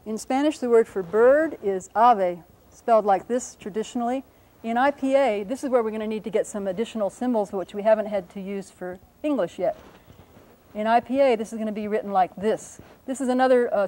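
Mellow-voiced woman teaching phonetics. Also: mid-range voice, poor audio. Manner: patient, slows down to sound out example words; self-correcting, apologizes for slips. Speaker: linguistics lecturer. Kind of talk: explanatory classroom lesson at a whiteboard.

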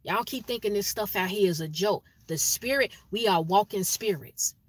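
A woman's voice: mid-range voice, moderate pace, slightly rough, dry recording. A woman, giving a blunt, preachy monologue in casual vlog style and hammering home her points with repeated phrases. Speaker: spiritual vlogger.

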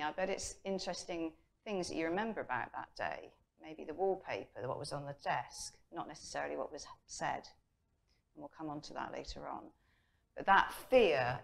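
A middle-aged woman from England, a personal development coach, speaking at a conference and telling stories with lively acted-out inner voices. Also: lowish voice. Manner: lively storytelling, acts out her inner voice. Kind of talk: conference talk. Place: conference hall.

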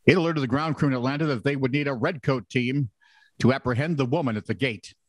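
A man's voice: medium pitch, quick pace, no echo. A man co-hosting a casual comedic news podcast, reading odd stories and adding sarcastic jokes. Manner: wry, sarcastic joking. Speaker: podcast co-host.

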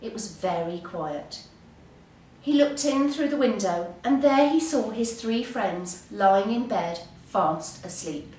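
A woman teacher reads a bedtime story, slow and lively in pitch. Her voice sounds roomy and set back from the mic. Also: far from the mic. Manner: expressive, unhurried storytelling. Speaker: English teacher.

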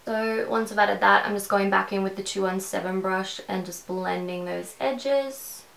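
A chatty Australian woman rambling through a makeup tutorial at home. Her voice has a gravelly, fry-tinged edge, and the room around her sounds echoey. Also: medium pitch, fairly even intonation, normal speed, a bit bright. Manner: rambling, conversational. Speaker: beauty vlogger.

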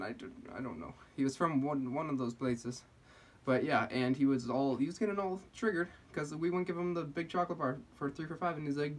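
A man's voice: fairly high pitch, fairly quick. A young man telling a casual story on his vlog, rambling with lots of fillers. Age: young adult. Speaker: vlogger.

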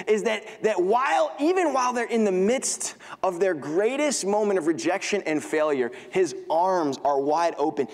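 A young man preaching a sermon as pastor, talking conversationally with frequent "right?" asides and dropping low and slow to stress a point. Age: young adult. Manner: pitch drops low and slow for emphasis. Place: church sanctuary. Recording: long hall reverb.

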